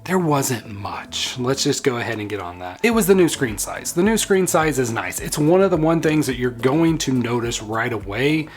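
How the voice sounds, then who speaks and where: A man's voice: mid-range voice, animated, normal speed, few pauses. A man talking casually in a vlog-style tech review, chatty and enthusiastic, prone to playful tangents.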